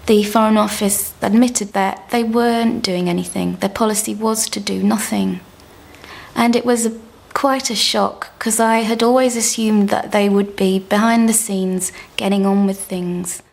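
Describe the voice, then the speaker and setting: Gravelly woman in an interview. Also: mid-range voice, fairly even intonation, a little slow, a little mellow.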